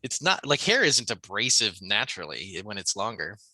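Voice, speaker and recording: A man co-hosting a podcast, chatting loosely and rambling with frequent laughs. His voice is very bright and forward, recorded dry and close with no room sound. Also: fairly low pitch, very animated, normal speed, husky, no echo. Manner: rambling, laughing, jokey put-on accents. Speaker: podcast co-host. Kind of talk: casual comedic chat.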